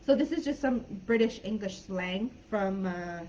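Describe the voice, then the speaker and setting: A woman teaching English in a live online class, friendly and chatty, laughing often and filling pauses while she thinks. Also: medium pitch, animated, mellow, slight background noise. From California. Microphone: video call. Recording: dull lo-fi video call audio.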